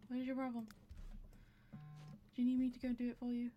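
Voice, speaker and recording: A woman's voice: on the high side, monotone, quick pace, highs cut off, over music. A woman casually commenting on her game, chatting to her characters and laughing often, with audible breathing. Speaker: gameplay commentator.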